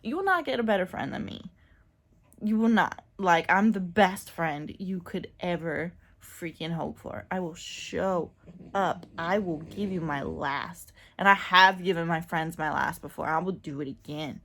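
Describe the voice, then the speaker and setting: A woman with a low, gravelly voice talks openly to her viewers in a casual vlog. She rambles a little and fills pauses with ums and likes. Her tone stays frank and personal. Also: a bit bright. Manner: chatty and candid, many fillers, laughs often. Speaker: vlogger.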